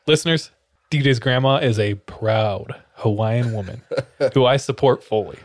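A man's voice: medium pitch, unhurried, dry recording, studio quality. A young man co-hosting a podcast, telling a story in casual chat and acting out the voices of people in it. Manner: animated, acts out quotes with sound effects and laughs. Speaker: podcast co-host.

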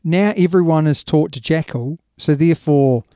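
A man's voice: on the high side, normal speed, mellow, dry recording, studio quality. Chatty New man talking rugby. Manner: chatty, emphatic, lots of yeah and you know. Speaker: rugby podcast co-host. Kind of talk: casual sports chat.

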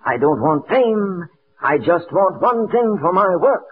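An impressionist playing a suave, grandly sincere visiting surgeon in a 1940s radio comedy, with pompous, flowery speech. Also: male voice, sits high, expressive, a little slow, slight background noise. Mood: grandly earnest. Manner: pompous, flowery speech that drops into a plain aside. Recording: tinny old radio broadcast.

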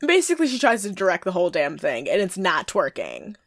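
A woman's voice: on the low side, huge pitch swings, fairly quick, dry recording. A young woman co-hosting a casual recap chat, talking loosely with many fillers. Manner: chatty, lots of fillers and quoted impressions. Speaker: podcast co-host.

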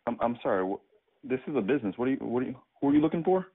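A man's voice: mid-range voice, lively intonation, racing, slightly rough. A man answering a shop phone, confused and stammering before ending the call. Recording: tinny phone line.

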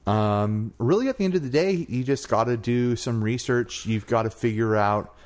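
A man's voice: mid-range voice, moderate pace, a little mellow. A man co-hosting a podcast, chatting casually and giving easygoing advice. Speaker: podcast co-host. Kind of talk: casual chat.

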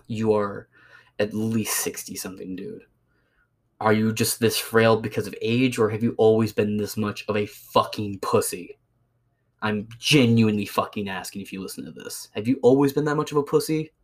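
A man's voice: lowish voice, flat delivery, normal speed. A young man ranting casually about a coworker, profane and sarcastic as he tells the story. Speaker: podcast host.

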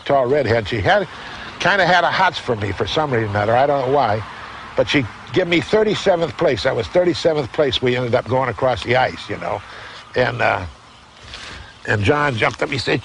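A man's voice: mid-range voice, low-quality recording. An older man telling a rambling, profane racing story, laughing as he goes. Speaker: interviewee. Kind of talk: casual storytelling.

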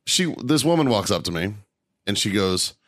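A man's voice: on the low side, sing-song, normal speed, a bit bright, dry recording, studio quality. A man co-hosting a podcast, telling a weekend story in casual chat, cursing freely and laughing often. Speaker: podcast co-host.

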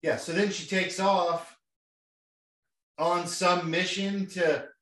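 A man's voice: high voice, fairly even intonation, slow pace, a bit bright, far from the mic. A man co-hosting a podcast in casual conversation, with wry, self-deprecating humor. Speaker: podcast co-host. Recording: echoey room.

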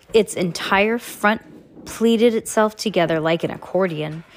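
A woman reading a novel aloud, brisk, with frequent slips and restarts. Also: on the low side. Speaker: audiobook reader.

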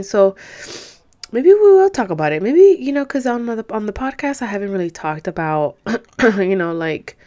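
A young woman hosting a casual solo podcast, chatty and rambling, tired and rubbing her eyes. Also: fairly low pitch. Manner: chatty, rambling, says "girl" and "you know" a lot. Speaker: podcast host.

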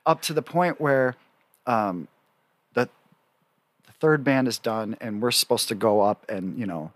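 Profane, animated musician telling a story. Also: male voice, medium pitch, measured pace, dry recording. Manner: animated, profane, laughs often, lots of fillers. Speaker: guest musician. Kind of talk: casual storytelling.

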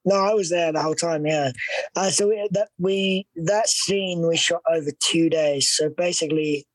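A man's voice: fairly high pitch, moderate pace, dry recording, poor audio. A British man, a guest actor on a podcast, telling stories in a chatty, laughing way with lots of fillers. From United Kingdom. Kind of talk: casual podcast interview.

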